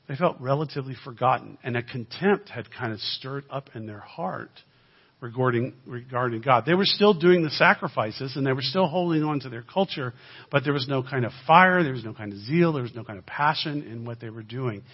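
A man's voice: medium pitch, expressive, a little fast, breathy edge, muffled recording. A man giving a sermon as a guest speaker, preaching in a conversational way with dry humor and frequent asides to the congregation.

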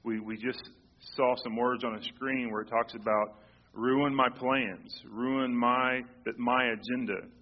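Male pastor, conversational sermon, halting restarts, dull lo-fi church recording. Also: mid-range voice, steady tone. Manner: conversational with frequent restarts and repeated words. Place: church sanctuary.

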